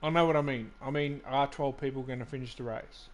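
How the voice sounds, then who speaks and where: A man's voice: mid-range voice, steady tone, fairly quick. A man hosting a live racing game stream, chatting casually and joking with his co-host, with loose restarts.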